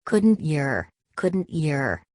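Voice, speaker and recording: A woman's voice: low-pitched, big pitch swings, extremely slow, a little mellow, dry recording, studio quality, heavily acted. A woman voicing a brawny working-class smith who threatens and sneers, dropping his word endings. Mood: defiant.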